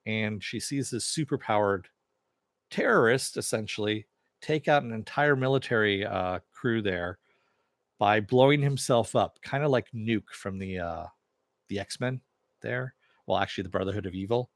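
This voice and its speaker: A man's voice: on the low side, normal speed, no echo, studio quality. A man casually recapping a TV episode, rambling with lots of fillers and "he goes". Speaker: TV episode reviewer.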